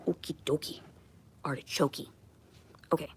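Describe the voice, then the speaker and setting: A woman's voice: sits low, steady tone, normal speed, a little mellow, a little hiss or hum. A woman chatting on a casual livestream at home, rambling and self-deprecating. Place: at home on camera.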